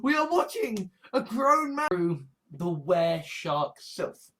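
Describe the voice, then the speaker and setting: A YouTube vlogger speaks casually to the camera in a rambling, exasperated monologue, swearing freely. Her voice sits fairly low, and she's very animated while taking her time.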